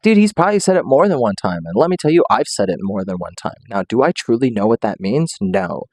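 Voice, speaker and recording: A man's voice: lowish voice, big pitch swings, quick pace, darkish tone, no room sound, studio quality. A man streaming, rambling through a comedic monologue, often laughing and acting out quotes in silly voices.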